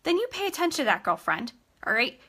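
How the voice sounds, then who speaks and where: Bright, high-voiced chatty woman coach. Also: big pitch swings, fast. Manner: upbeat and chatty, constantly checks in with "okay?". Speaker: direct-sales team trainer. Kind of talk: live-streamed coaching talk.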